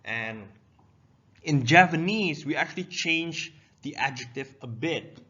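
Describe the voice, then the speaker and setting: A man's voice: fairly high pitch, expressive, unhurried, sharp tone. A young man from Indonesia, giving a casual language lesson and explaining words step by step. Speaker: language teacher. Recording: dull, lo-fi sound.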